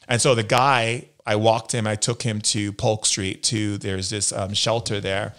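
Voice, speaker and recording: A man's voice: fairly low pitch, flat delivery, measured pace, hardly any pauses, fairly bright tone. A man, a guest in an interview, earnestly telling personal stories and acting out what other people said. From United States. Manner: earnest storyteller who acts out other people's words. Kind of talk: personal storytelling in a sit-down interview.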